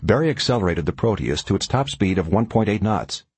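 A male narrator reading a thriller audiobook with dramatic, measured pacing. His voice is low and husky, and his pitch moves a great deal. The recording is dry and close. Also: lively intonation, darkish tone, dry recording.

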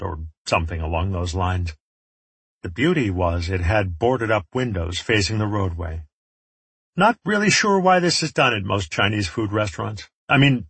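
A man's voice: on the low side, a bit bright, husky, no echo. A man reading a first-person story aloud, with wry, sardonic asides. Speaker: audiobook narrator. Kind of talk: first-person audiobook narration.

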